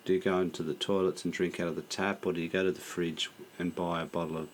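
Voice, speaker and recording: A man co-hosting a casual interview, telling relaxed everyday anecdotes and thinking aloud. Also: low voice, fast, a little hiss or hum. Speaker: co-host.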